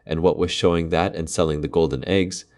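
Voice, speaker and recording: A man reading a fairy tale aloud in measured, dramatic storybook narration. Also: deep voice, steady tone, a little mellow.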